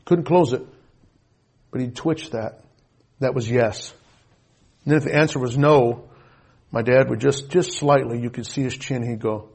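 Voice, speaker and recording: Middle-aged guy preaching, gravelly husky voice, gets loud then goes real quiet. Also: mid-range voice. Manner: emotional storytelling, swings between loud and hushed. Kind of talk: sermon.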